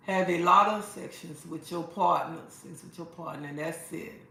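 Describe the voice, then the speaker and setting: A woman's voice: fairly low pitch, moderate pace, gravelly, few pauses, pushed and bright, slight background noise. A woman hosting a livestream, talking to viewers in a sassy, preachy way and repeating her phrases. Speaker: livestream host. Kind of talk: casual livestream talk to viewers. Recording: very echoey room.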